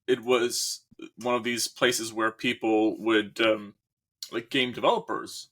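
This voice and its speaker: A man's voice: on the low side, flat delivery, slow, a bit bright. A man hosting a casual podcast, rambling and searching for words as he talks. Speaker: host.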